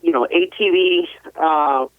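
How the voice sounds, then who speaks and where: A man's voice: on the high side, unhurried, no room sound. A man, an ATV racer from the US West Coast, telling stories as a guest in a casual interview, laughing often. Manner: laughs often, rambling, animated. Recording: tinny phone line.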